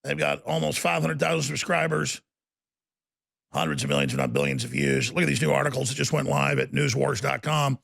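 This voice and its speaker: A man's voice: mid-range voice, animated, creaky, fairly bright tone. A man hosting a political talk show, talking in an emphatic, incredulous way. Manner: emphatic, incredulous, fast-shifting delivery.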